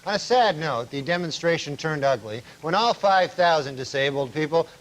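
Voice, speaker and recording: A man telling jokes in a deadpan, rambling way, now and then chuckling at his own lines. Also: on the high side, normal speed. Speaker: comedian. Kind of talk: deadpan news jokes and talk-show storytelling.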